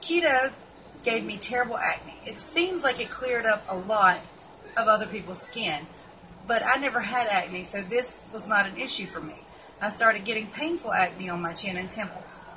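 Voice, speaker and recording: A woman's voice: mid-range voice, normal speed, background noise. A woman giving casual, blunt and sarcastic commentary on an article, swearing freely as she reacts. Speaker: keto vlogger.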